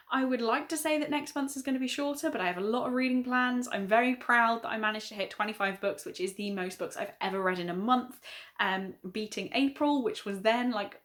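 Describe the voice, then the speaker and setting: A woman's voice: on the high side, fairly bright tone. A young woman, chatting through her monthly reading wrap-up in a gushing, self-correcting way. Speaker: book vlogger.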